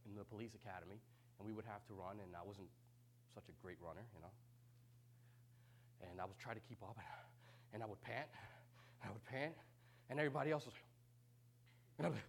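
Impassioned preacher, whispering to shouting. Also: male voice, mid-range voice. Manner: impassioned, swings from hushed whispers to loud shouts; conversational asides and humor. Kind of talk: sermon.

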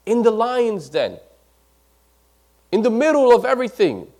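A man delivering a sermon in a notably high voice. He swings between loud, emphatic peaks and hushed, near-whispered lines. He repeats phrases to drive them home and now and then stumbles over his words. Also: sing-song, measured pace. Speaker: preacher.

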